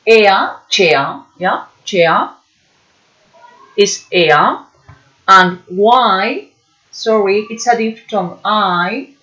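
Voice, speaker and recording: A woman teaching an English lesson, slow and patient, often checking understanding with a questioning "hmm?". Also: mid-range voice, fairly bright tone. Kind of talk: online class lesson. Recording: dull lo-fi recording.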